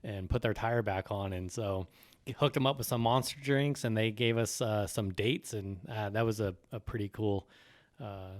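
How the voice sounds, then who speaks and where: A man's voice: lowish voice, normal speed. A man who is a guest on a podcast, telling a story in a rambling, casual way. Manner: rambling, strings thoughts with "and" and "like". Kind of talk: casual chat.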